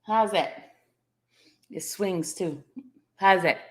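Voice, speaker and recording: A woman with a mid-range voice talks extremely slowly while hosting a casual livestream. In a playful manner she greets her viewers by name, one after another, laughing often as she teases them.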